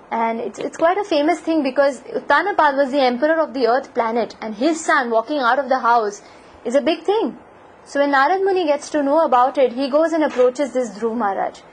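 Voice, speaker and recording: A woman giving a devotional lecture, retelling a scripture story in an animated way, with many fillers. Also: high voice, slight background noise, poor audio. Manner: animated, frequent "you know" fillers.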